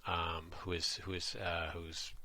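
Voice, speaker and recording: A man from Atlantic Canada with a deep, low voice muses his way through a satirical vlog monologue. He is tongue-in-cheek and rambling, circling back over his own thoughts. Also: flat delivery, a little slow, sharp tone. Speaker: vlogger.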